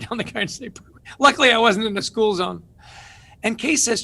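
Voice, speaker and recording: A man's voice: high-pitched, animated, brisk, gravelly, bright, forceful tone. A middle-aged man, an author and guest, telling stories energetically in an interview with emphatic rhetorical questions.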